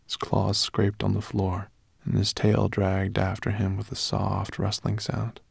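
A man narrating a children's fantasy novel in a measured storytelling manner. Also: fairly low pitch, monotone, creaky, breathy edge, dry recording, clean studio sound. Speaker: audiobook narrator. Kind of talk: scripted narration.

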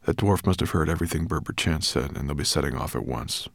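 A man voicing a calm, grave male dragon who speaks quietly. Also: very deep voice, quick pace, no room sound, studio quality, pitched below the performer's own voice.

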